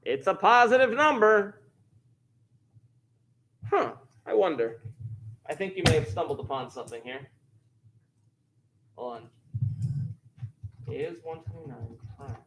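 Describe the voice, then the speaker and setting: A middle-aged male math teacher recording a lesson, talking students through each step in a playful, animated way. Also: a little high, slight background noise.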